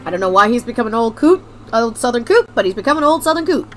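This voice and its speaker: An excitable woman streaming a video game, chatting loosely, laughing and cursing as she plays. Her voice is high and bright, with faint game music underneath. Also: fast talker, low-quality recording. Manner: excitable, giggly, swears, reads game text aloud. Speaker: let's play streamer. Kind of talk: casual gameplay commentary.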